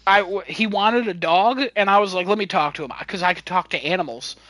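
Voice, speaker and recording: A man's voice: high-pitched, brisk, pushed and bright, dry recording, poor audio. A young man casually telling a funny story about his video game, acting out quotes and laughing often. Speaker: podcast co-host.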